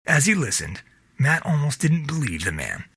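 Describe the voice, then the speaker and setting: A man reads his own novel aloud at a steady pace. His voice is bright with a husky edge, and his pitch moves a lot. The recording is close and dry, with no room sound. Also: moderate pace, dry recording. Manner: steady storytelling read. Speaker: narrator. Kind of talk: reading a self-published novel aloud.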